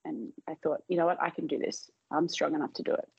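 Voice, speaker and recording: A woman chatting on a podcast as a guest, telling her story in a lively way and laughing often. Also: sits low, fast, vocal fry, dull audio, a little hiss or hum. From Australia. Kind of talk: casual podcast chat.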